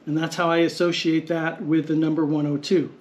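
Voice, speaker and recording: A man teaching vocabulary in a patient, explanatory lesson, repeating words slowly and deliberately. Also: fairly high pitch, flat delivery. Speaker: language teacher. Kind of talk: slow explanatory lesson narration.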